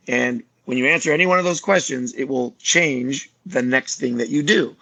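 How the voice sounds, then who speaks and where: A martial arts teacher appears as a guest on a podcast, talking casually and animatedly and acting out the voices of the people in his stories. His mid-range voice has vocal fry, a moderate pace and few pauses, with no echo.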